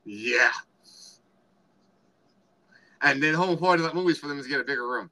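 Male co-host, bright and rambling, casual retelling of film scenes. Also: medium pitch, rapid-fire, poor audio. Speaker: podcast co-host. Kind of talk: casual movie review chat.

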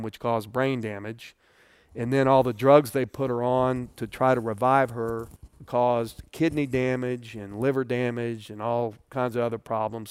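A middle-aged man teaching a Bible study, telling a personal testimony in an earnest, conversational way that rises with feeling and then drops quiet. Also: clean tone, no room sound, studio quality. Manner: earnest and conversational, voice swelling then dropping low.

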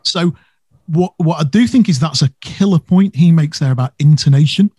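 A man's voice: on the high side, normal speed, warm tone, slightly rough, no echo. A man co-hosting a casual business podcast, talking animatedly and stressing words for effect. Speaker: podcast co-host.

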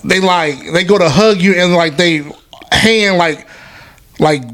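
A man's voice: high voice, measured pace, fairly bright tone. A man co-hosting a podcast, bantering playfully and joking around in casual chat. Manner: playful banter, jokes and impressions. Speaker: podcast co-host.

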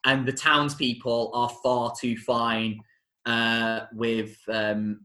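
A man's voice: mid-range voice, level tone, takes it slowly, bright, forceful tone, roomy sound. A man hosting a casual chat about a film musical, talking enthusiastically with frequent restarts and self-corrections. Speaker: podcast host reviewing a film musical.

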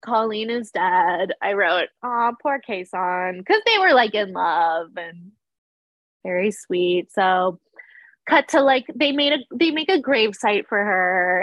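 A young woman chats through a TV recap in a loose, giggly way, filling her sentences with "like." Her voice sits at a middle pitch and sounds close and dry, with no room around it. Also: fairly bright tone, dry recording. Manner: chatty, laughs often, fillers like "like". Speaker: podcast co-host recapping a TV episode. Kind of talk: casual chat.

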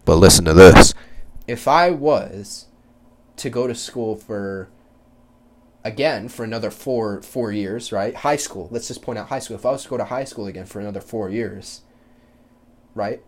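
A young man hosting a solo podcast, ranting bluntly and profanely about kids and school, with loud mocking quotes. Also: on the low side, moderate pace. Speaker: podcast host. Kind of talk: casual solo podcast rant.

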